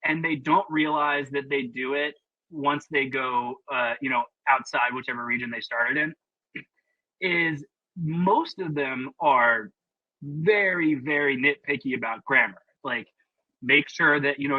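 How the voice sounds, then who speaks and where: A man's voice: mid-range voice, dry recording, dull audio. A man presenting a webinar in a casual, chatty, opinionated way with plenty of fillers, over a video call.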